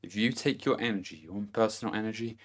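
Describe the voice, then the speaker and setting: Blunt, swearing man with a low voice. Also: fast talker. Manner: blunt, swearing, laughing to himself; swings between loud emphasis and low murmurs. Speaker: vlogger. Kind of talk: casual self-help monologue.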